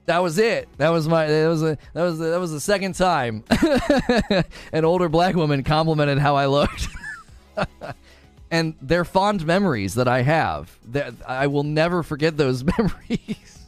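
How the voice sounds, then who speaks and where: A man in his forties hosts a casual livestream chat, telling stories animatedly and laughing as he goes. His voice sits on the high side, moves a little slowly, and rises and falls a great deal over faint background music.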